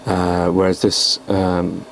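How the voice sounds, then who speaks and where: Deep, gravelly man rambling on his vlog. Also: monotone, slow pace, slight background noise, rough recording. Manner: rambling, hesitant, self-deprecating. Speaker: poet and vlogger. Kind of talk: casual video blog.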